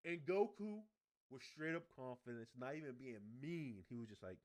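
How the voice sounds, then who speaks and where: A young adult man giving a casual, slangy recap and review of an anime episode, excitable and full of "like" and "bro". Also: medium pitch, a little fast.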